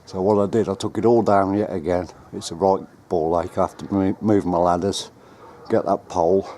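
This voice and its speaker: Low-voiced chatty man. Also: fairly even intonation, moderate pace, dark tone, slight background noise. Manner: chatty, rambling, self-correcting. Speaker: radio hobbyist vlogger. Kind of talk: casual running commentary to camera. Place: outdoors at home on ladders and in the garden. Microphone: handheld camera mic.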